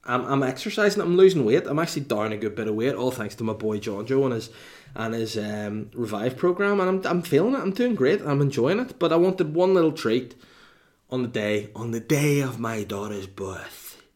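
A man's voice: mid-range voice, sing-song, a little fast, darkish tone. A man telling a casual, profane, exasperated comic story as a vlogger. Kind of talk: casual ranting anecdote.

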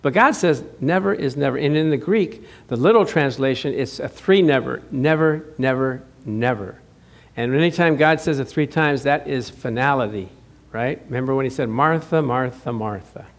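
A man's voice: medium pitch, brisk. A middle-aged man preaching a sermon as pastor, chatty and joking with his congregation, rising to emphatic declarations.

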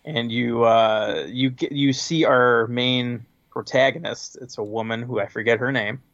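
A man's voice: mid-range voice, steady tone, unhurried, a bit bright, no room sound, highs cut off. A man co-hosting a podcast in casual chat, rambling with many fillers and little preparation. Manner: rambling, unprepared, lots of fillers. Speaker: podcast co-host.

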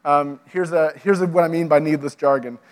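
Brief: man, higher-pitched voice, earnest teaching talk for church leaders, frequent restarts. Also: steady tone, a little fast. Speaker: teacher of pastors and worship leaders. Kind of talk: lecture.

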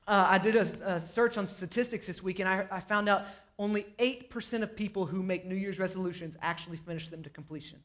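A young man with a high, light voice delivers a lively, conversational sermon. He talks straight to the congregation and jumps into little acted-out quotes. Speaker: pastor.

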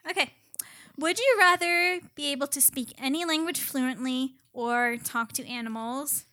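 A woman's voice: high voice, measured pace, bright, forceful tone. A woman co-hosting a casual podcast chat, reading out listener questions and laughing easily. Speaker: podcast co-host.

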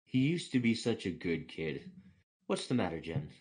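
An earnest male dog hero offers comfort in a lowish, deadpan voice, read by a man. He trips over his lines in this comedic story reading. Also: normal speed.

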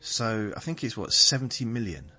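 Deep-voiced southern English man rambling. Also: very animated, moderate pace, sharp tone, soft background music. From southern England. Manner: meandering, self-correcting. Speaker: podcast host. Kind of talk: rambling monologue for sleep.

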